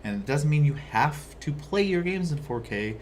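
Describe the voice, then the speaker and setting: A man's voice: on the high side, lively intonation, moderate pace, a little mellow, slight background noise. A young man co-hosting a gaming news chat, explaining things in a matter-of-fact way. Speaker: co-host.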